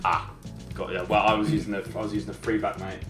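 Excitable man in an echoey room. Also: fairly low pitch, quick pace. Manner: excitable, shouts at goals, laughs a lot. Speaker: gaming YouTuber. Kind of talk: excitable casual gaming banter. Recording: roomy echo with game music behind.

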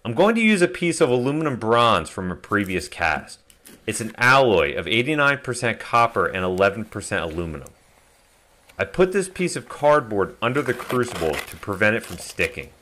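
A man calmly narrating a step-by-step metal casting tutorial as a voice-over. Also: fairly low pitch, moderate pace. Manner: calm step-by-step explaining. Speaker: DIY metal casting channel host.

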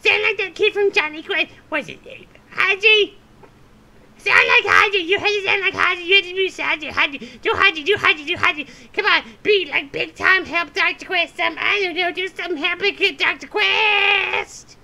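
A man's voice: very high-pitched, sing-song, normal speed, full character voice. Male actor as abusive shrieking woman caller, piercing and harsh, prank call rant. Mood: mocking. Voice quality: screechy, gravelly. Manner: ranting, insulting, shouting. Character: shrill rude old woman caller, abusive and ranting. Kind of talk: prank call role-play.

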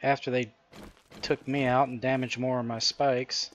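A man's voice: medium pitch, level tone, moderate pace, a bit bright, dull audio. Male gaming host, casual co-op banter, wry and chuckly, faint hiss under the voice. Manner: chuckles often, wry asides. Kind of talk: casual co-op gameplay chat.

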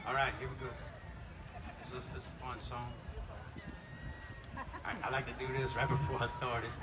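A man with a Louisiana Southern accent, a blues musician joking with the crowd from an outdoor festival stage in a relaxed drawl. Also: mid-range voice, moderate pace, very noisy. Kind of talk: stage banter between songs. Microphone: stage vocal mic. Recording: live concert, loud band music. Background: loud live band music.

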